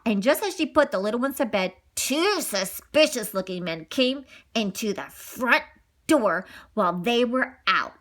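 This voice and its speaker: A woman reading a children's story aloud, animated and giggly, with gushing asides. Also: fairly high pitch, normal speed.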